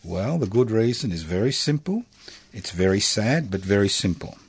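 A very deep-voiced Australian man hosts a community radio show from a dry, close-miked studio. He delivers political commentary in a sardonic way, chuckling often and leaning on emphatic pauses. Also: very animated, slightly rough, no room sound. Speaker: radio host.

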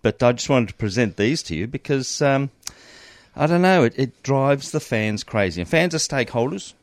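A man's voice: medium pitch, expressive, moderate pace, dry recording. A man co-hosting a casual sports chat, posing a quiz with frequent ums and uhs. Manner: quizzing, hesitant with many ums. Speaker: co-host.

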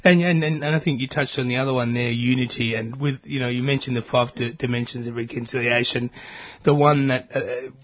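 Man, mid-pitched voice, conversational radio host who restarts his sentences; dull lo-fi sound. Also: fairly even intonation, brisk. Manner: conversational, stumbling restarts, agreeable fillers. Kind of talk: radio interview.

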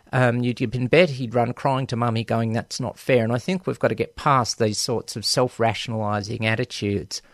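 A man's voice: mid-range voice, dry recording, studio quality. A man hosting a radio show, giving frank, emphatic opinion commentary full of ums and restarts. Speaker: radio host.

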